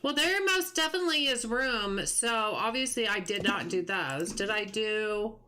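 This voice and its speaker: Bright, lively-voiced woman streaming a game. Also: medium pitch, normal speed, a little hiss or hum. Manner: chatty, muses aloud and greets viewers from chat. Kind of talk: casual live gameplay chatter.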